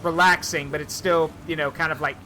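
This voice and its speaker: A man streaming a game, telling stories in an animated way with swearing and asides, in casual chat. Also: on the high side, fairly quick, slight background noise. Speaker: streamer and host.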